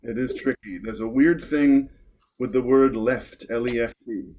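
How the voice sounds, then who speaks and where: A man's voice: mid-range voice, unhurried, a little mellow. A man hosting a casual chat, asking curious, playful questions. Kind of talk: casual chat on a video call. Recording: faint noise with clicks.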